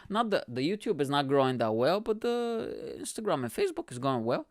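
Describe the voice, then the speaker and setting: A man's voice: a little high, fairly quick, no room sound, studio quality. Young man ranting casually, swearing freely. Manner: swearing, animated storytelling with rhetorical questions. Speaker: podcast host and stand-up comedian. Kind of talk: casual solo podcast monologue.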